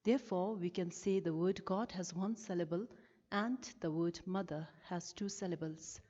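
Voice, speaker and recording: A woman teacher from Bhutan, giving a recorded lesson and explaining each term slowly and carefully, stressing the key words. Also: on the low side, dark tone. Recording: lo-fi with long reverb.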